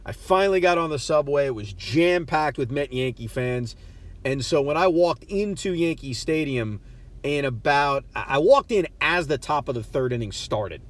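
Animated New man telling a story. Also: on the high side, moderate pace. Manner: animated, self-deprecating, frequent stammered restarts. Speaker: podcast host. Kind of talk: casual monologue storytelling. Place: parked car.

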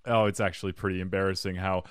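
A man hosting a podcast, chatting in a relaxed, self-deprecating way. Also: low-pitched, quick pace, clear, resonant tone, dry recording, studio quality. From United States. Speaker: podcast host. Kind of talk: casual chat.

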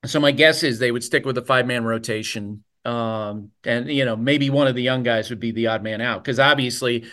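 A man hosts a baseball talk show in a relaxed, conversational way. His voice sits at an ordinary middle pitch, and he works through his answers out loud with easy fillers. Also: a little fast. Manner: conversational, thinks aloud with fillers. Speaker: podcast host.

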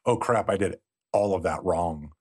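A middle-aged man with a fairly low voice talks in a relaxed podcast conversation. He is candid and reflective, and swears casually. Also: normal speed, husky. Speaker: podcast guest, former Christian band and festival organizer.

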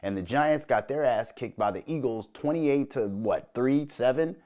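A man's voice: mid-range voice, normal speed. A man from Minnesota hosting a podcast, ranting angrily with constant swearing and mocking asides. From Minnesota, USA. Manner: loud, angry, swearing, mocking quoted voices. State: angry. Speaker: podcast host. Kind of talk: profane solo podcast rant.

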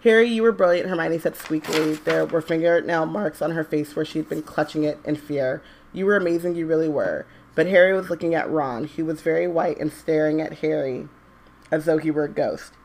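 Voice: medium pitch, steady tone, fairly quick, vocal fry, a little mellow. Podcast co-host reading a novel aloud. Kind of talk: casual book discussion and read-aloud.

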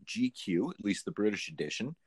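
A man's voice: on the low side, very animated, brisk, husky, dry recording. A man co-hosting a casual podcast chat, full of dry, sarcastic asides. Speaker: podcast co-host.

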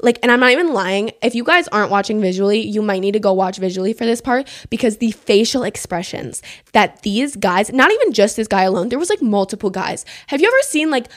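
A woman's voice: medium pitch, animated, a little fast. A young woman telling a storytime on camera, chatty and indignant, peppering every sentence with "like" and swearing freely. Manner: emphatic, indignant retelling. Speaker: storyteller vlogger. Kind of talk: casual storytime monologue. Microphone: camera mic.

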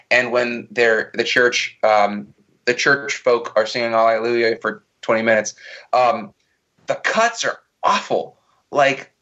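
Ranting, bright-voiced podcast guy. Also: medium pitch, highs cut off. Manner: profane, ranting, mocking. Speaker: podcast co-host. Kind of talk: casual movie review chat.

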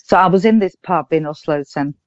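A woman's voice: lowish voice, quick pace, darkish tone, dry recording, muffled recording. A woman talking as a podcast guest in casual chat, emotional and laughing between phrases.

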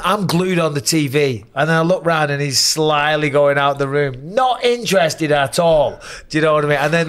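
Man, 40s, retired fighter reacting to old fights, animated and salty, voice a touch high. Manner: animated storyteller, acts out quotes, swears freely. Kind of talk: casual chat reacting to fight footage.

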